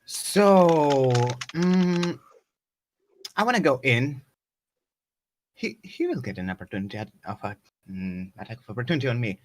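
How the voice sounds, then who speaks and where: A man playing a tabletop game, animated and playful. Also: medium pitch, moderate pace, long pauses. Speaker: player. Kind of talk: casual tabletop play.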